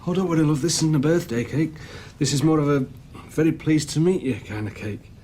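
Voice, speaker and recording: Awkward bloke actor, cracks bad jokes, eager to please. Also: male voice, on the high side, lively intonation, a little fast, warm tone, slight background noise, natural voice. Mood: jokey. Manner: bumbling, joking. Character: awkward, jokey man offering cake.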